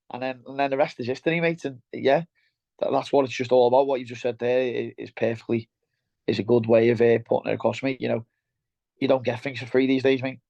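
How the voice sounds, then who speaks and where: Speaking quickly in a creaky, darkish mid-range voice that barely shifts in pitch, this middle-aged Merseyside man chats plainly as an interview guest. He's a former welder turned operations head, blunt about his job and forever saying "mate" to the host. The recording is dry, dull and lo-fi.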